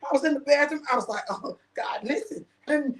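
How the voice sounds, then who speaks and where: Woman minister, high voice, lively storyteller, acts out dialogue, casual chat. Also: fairly quick, echoey room. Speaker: minister and show host.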